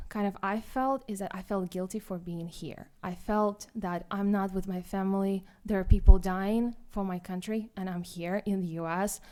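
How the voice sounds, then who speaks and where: A young woman with a Ukrainian accent tells her own story at a forum, halting and self-deprecating, with many restarts. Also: mid-range voice, a little mellow. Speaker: guest speaker, student.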